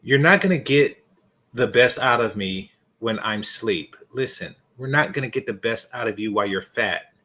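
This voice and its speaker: A man hosting a reaction video from a home setup on a desk mic, blunt and mocking, breaking into loud shocked yelps. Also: medium pitch, animated, normal speed. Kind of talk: scornful reaction commentary.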